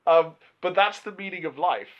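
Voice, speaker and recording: A man in his twenties co-hosts a movie podcast, ranting animatedly in casual chat and swearing often. His voice is high and at normal speed, in a lo-fi podcast recording.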